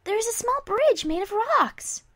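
A woman voicing a cheerful young filly pony with a squeaky, eager manner in a storybook reading. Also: very animated, moderate pace, no echo. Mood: excited.

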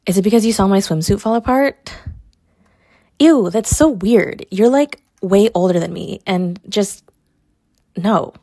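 A woman's voice: medium pitch, moderate pace, warm tone, no echo. A young adult woman performing a scripted audio role-play, teasing and mocking with frequent laughter. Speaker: college athlete character in an audio role-play.

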